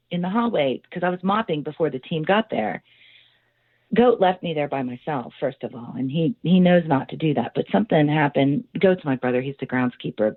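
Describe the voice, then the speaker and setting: Low-voiced woman, rambling storyteller, dry tinny phone audio. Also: dry recording. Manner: rambling and animated, with many fillers. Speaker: owner of a haunted house, interview guest. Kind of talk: casual storytelling.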